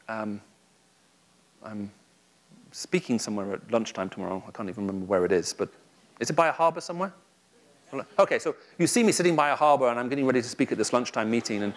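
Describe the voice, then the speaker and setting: A man giving a public Christian talk to a live audience, telling stories with humor. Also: mid-range voice. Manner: lively storytelling with humor. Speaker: Christian speaker addressing an audience.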